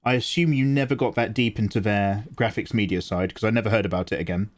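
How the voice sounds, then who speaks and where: A middle-aged British man hosting a livestream, chatting casually with viewers and answering them with quick jokes and asides. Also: on the low side. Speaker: livestream host. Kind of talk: casual chat with viewers while drawing.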